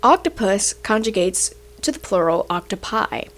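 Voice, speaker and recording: A woman's voice: medium pitch, animated, normal speed. A young adult woman, a university student, explaining grammar and statistics in a chatty way, often ending sentences with "right?" while she has the hiccups. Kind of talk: casual explainer rant.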